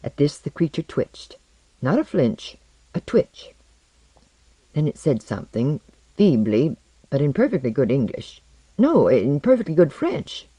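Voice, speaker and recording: A storyteller reading a fantasy tale aloud with measured, wry narration. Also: medium pitch, sing-song, mellow, breathy edge, dry recording.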